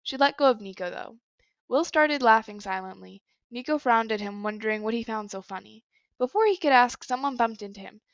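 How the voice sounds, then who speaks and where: A woman reading a story aloud in a plain, even manner with small slips. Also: on the high side, a little fast, no echo, lo-fi sound. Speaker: story reader. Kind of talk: reading fan fiction aloud.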